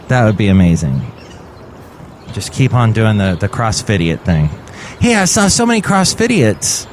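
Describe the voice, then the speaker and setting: A man hosting a comedy podcast, rambling from one goofy aside to the next. His sarcastic delivery sits in a mid pitch range. Faint noise runs under the voice. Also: a little mellow. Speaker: podcast host.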